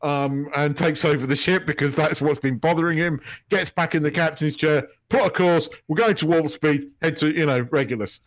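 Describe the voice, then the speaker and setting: A man's voice: fairly high pitch, normal speed, hardly any pauses, no echo. Rambling man, dry close sound. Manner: rambling, restarts, many yeahs. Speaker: podcast co-host. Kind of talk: casual chat.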